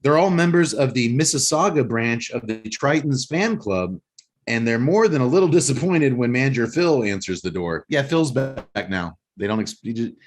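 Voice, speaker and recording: A man's voice: mid-range voice, animated, moderate pace. A man hosting a casual talk show, rambling and joking as he recaps a movie plot. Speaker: podcast host.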